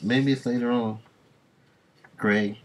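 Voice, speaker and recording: A man reading comics aloud on a stream, rambling through enthusiastic fan asides and dropping into quick voices for the characters. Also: medium pitch, fairly even intonation. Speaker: comic book reader and streamer. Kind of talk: casual comic reading commentary.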